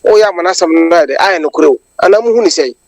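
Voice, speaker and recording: A Ghanaian woman calls in to a radio show and delivers a long, impassioned political monologue that switches between English and Twi. Her lowish voice is rapid-fire and a little mellow. The recording is low quality, with no room sound.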